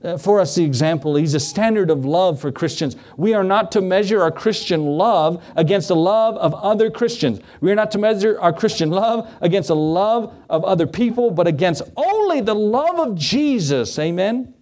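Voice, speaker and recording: A middle-aged man preaching a sermon in a slightly raised voice. He swings his pitch and pace widely as he acts out Bible scenes. He speaks from the pulpit. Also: lively intonation, normal speed, hardly any pauses, a little mellow. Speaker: pastor.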